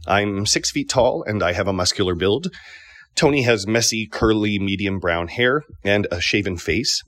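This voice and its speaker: A man in his mid-thirties, a stage actor giving a relaxed, conversational scripted self-description. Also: on the low side, normal speed. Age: 30s.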